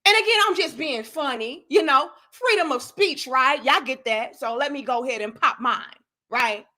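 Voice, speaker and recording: Bright, high-voiced woman ranting to viewers. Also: lively intonation, moderate pace. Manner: blunt, profane, emphatic, addresses viewers directly. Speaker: live stream host. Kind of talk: casual live-stream rant.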